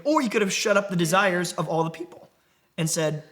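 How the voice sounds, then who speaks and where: Male preacher, fairly high voice, lively Bible teaching with questions to the group. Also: fairly quick. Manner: animated, asks the group questions. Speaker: young adult ministry preacher.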